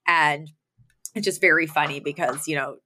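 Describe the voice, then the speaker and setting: A young woman recapping a sitcom episode with a friend in a loose, chatty way. Her voice is bright and clear, and she talks in an animated way, full of "like" and "you know". It sounds like friendly podcast talk. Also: low-pitched, moderate pace.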